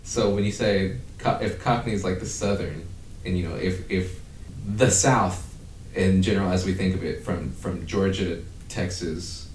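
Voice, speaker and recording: A man's voice: fairly even intonation, normal speed, a little mellow. A man co-hosting a podcast in casual chat, rambling, swearing freely and laughing at himself. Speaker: podcast co-host. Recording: roomy, distant mic with faint rumble.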